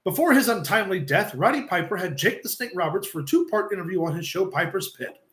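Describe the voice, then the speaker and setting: A man's voice: high-pitched, sing-song, fast talker, fairly bright tone, roomy sound, a little hiss or hum. A man hosting a casual podcast and reading a script aloud in a blunt, loose way. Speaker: podcast host.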